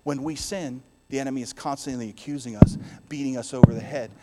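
A man preaching a sermon as pastor to his church, swinging between loud declarations and hushed, soft passages. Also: mid-range voice, fairly even intonation, fairly quick, in a large hall, very noisy.

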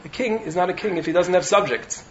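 A man giving an animated Torah talk as a rabbi in a study hall, often asking "right?" to his listeners. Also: high voice, fast talker, muffled recording, a little hiss or hum. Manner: animated, keeps checking in with "right?". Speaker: rabbi teaching in a yeshiva.

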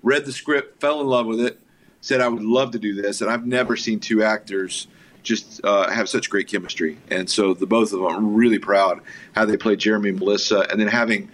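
Low-voiced man telling stories as guest. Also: a bit bright, a little hiss or hum. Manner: enthusiastic anecdotal storyteller. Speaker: filmmaker guest. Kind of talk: casual storytelling interview.

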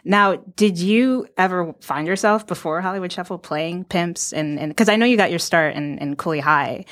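A woman's voice: on the low side, moderate pace. A woman interviewing a guest, asking curious, rambling questions with many restarts.

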